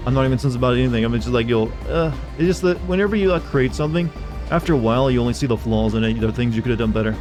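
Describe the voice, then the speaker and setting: A man streaming a video game who chats with his viewers in a quick, rambling, self-deprecating way. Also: mid-range voice, music in the background. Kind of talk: casual live-stream commentary.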